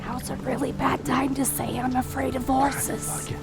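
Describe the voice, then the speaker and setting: A woman's voice: sits high, flat delivery, a little slow, vocal fry, over music. A woman playing a tabletop game, sarcastic and foul-mouthed, nitpicking for laughs. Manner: sarcastic, swears, pedantic jokes. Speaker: player.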